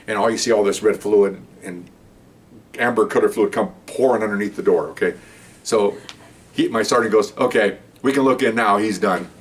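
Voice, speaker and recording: Older ex-cop telling a story, halting. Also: male voice, on the low side, distant mic. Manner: rambling, halting, with many restarts and fillers. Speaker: retired police officer telling stories. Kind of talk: casual storytelling to camera.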